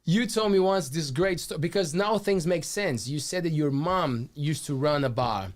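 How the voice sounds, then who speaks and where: A man's voice: on the high side, moderate pace. A man hosting a podcast, chatting casually, laughing and coaxing his guest to tell stories. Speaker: podcast host.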